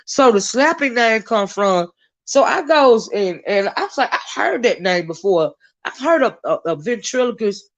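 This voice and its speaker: A woman hosting a live gossip stream, chatty and blunt, cussing freely and greeting viewers in the chat. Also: mid-range voice. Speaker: livestream host. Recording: dull lo-fi stream audio.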